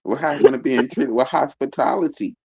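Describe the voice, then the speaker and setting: A man's voice: mid-range voice, a little fast, gravelly, warm tone. A man calling in as a guest on a casual chat, playful and jokey. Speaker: guest caller on a chat panel.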